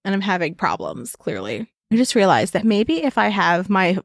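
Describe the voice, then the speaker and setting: A woman's voice: medium pitch, sing-song, moderate pace, gravelly, no echo, studio quality. Giggly, sweary woman podcast co-host. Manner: giggly, sweary, rambling banter. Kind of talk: casual chat. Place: home desk. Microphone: desk mic on stand.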